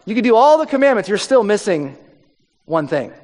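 A man preaching a sermon in a conversational way, dropping his voice low for emphasis. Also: big pitch swings, a little fast, a little mellow. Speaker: pastor. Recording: long hall reverb.

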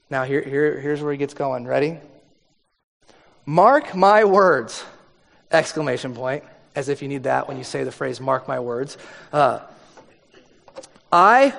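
A man's voice: fairly high pitch, vocal fry. A man preaching a sermon as a pastor, talking in a casual, joking way and acting out the voices of the people he quotes. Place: church hall. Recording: long reverb of a large hall.

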